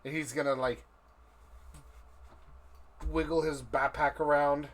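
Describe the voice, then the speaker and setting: A man's voice: fairly high pitch, little pitch movement. A man narrating as game master of a tabletop game, drawing out his descriptions. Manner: slow, drawn-out, vivid description.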